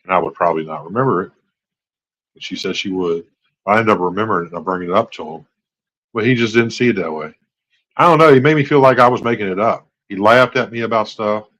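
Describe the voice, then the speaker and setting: A man's voice: lowish voice, fast talker, a bit bright, low-quality recording. A man in his forties hosting a late-night live stream, telling a personal story in a candid, rambling way that turns exasperated. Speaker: host.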